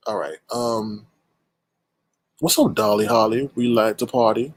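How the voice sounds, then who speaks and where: Guy hosting his own stream, shouting out chat names, playful, a bit raspy, dead dry room. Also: mid-range voice, no echo, rough recording. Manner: playful, animated shout-outs with drawn-out greetings. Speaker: show host and creator. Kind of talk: casual livestream chat, greeting viewers.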